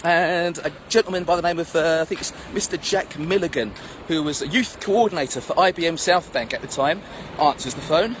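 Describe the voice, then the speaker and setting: Guy, middle-aged, acting out his own life story outdoors, a bit high-pitched, traffic noise clearly heard. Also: fairly quick, hardly any pauses. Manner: animated storyteller who acts out the voices of people in his story. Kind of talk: storytelling monologue. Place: outdoors at sunrise. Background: street and traffic noise.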